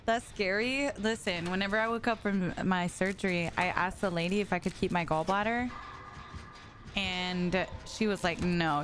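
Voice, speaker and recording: A woman's voice: medium pitch, a little hiss or hum. A young woman streaming a game, chatting casually and reading messages from her chat with frequent giggles.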